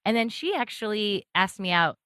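A woman's voice: medium pitch, lively intonation, normal speed, a bit bright, smooth, no room sound. Guest, woman, self-deprecating and laughing, close dry sound. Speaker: podcast guest. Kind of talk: casual chat.

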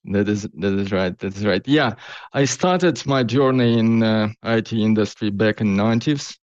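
A man's voice: fairly low pitch, normal speed, darkish tone, no room sound, dull audio. A man as the interview guest, answering hesitantly with non-native phrasing. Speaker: guest, company founder.

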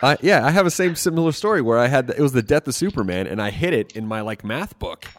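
A man's voice: mid-range voice, expressive, fast talker. A man in his thirties co-hosting a podcast in casual chat, laid-back and wry. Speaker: podcast co-host.

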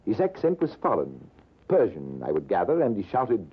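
A husky army major, swinging his pitch wide as he spins his war story. His telling is measured and dramatic. The sound is thin and lo-fi, like an old radio broadcast. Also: wildly swooping pitch, exaggerated voice. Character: British army major spinning a tale. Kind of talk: 1940s radio acting.

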